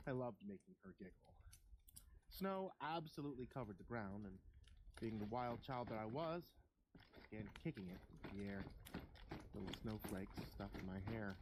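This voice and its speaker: A storyteller narrating a spooky first-person Christmas story in a slow, measured, hushed way. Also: mid-range voice, very noisy. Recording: loud keyboard typing behind.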